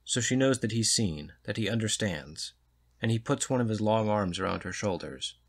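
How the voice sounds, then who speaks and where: Low-voiced male story reader. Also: lively intonation, normal speed. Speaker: narrator. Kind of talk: audiobook reading of a short story.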